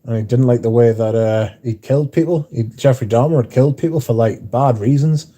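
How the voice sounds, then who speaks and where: A man's voice: mid-range voice, fairly quick, dark tone, slight background noise. A man hosting a casual livestream, reading out chat messages in a blunt, mouthy way with frequent swearing. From not American. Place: bar, windy.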